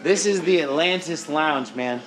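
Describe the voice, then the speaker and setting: A man's voice: fairly high pitch, a little slow, over music. A man from Oregon, a rapper, chatting casually and animatedly with slang and frequent laughs in a lounge bar. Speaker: rapper guest. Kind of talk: casual chat.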